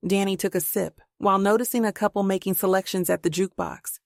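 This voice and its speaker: A woman narrating a novel in steady, plain storytelling, recorded on a close mic. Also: medium pitch, quick pace, gravelly, no echo. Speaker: audiobook narrator. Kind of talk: scripted narration.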